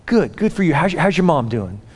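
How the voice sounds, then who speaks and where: A man putting on a middle-aged football coach who stammers in eager bursts, his voice pushed up high. He sounds as if he is speaking in a large hall with a long, echoing reverb. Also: very animated, a little fast, slightly rough. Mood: kindly. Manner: stammering, warm urging.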